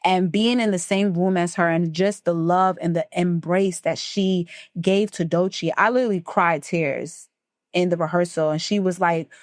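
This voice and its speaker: A woman's voice: lowish voice, steady tone, normal speed, dry recording, studio quality. A woman talking emphatically and emotionally as a podcast co-host, full of profanity. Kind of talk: casual chat.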